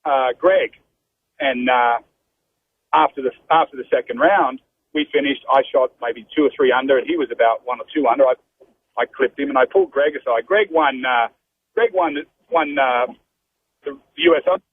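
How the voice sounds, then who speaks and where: An Australian pro golfer in his fifties, telling golf stories as a guest on a radio interview, animated and saying "mate" often. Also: medium pitch, moderate pace. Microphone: telephone. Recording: phone line with faint noise.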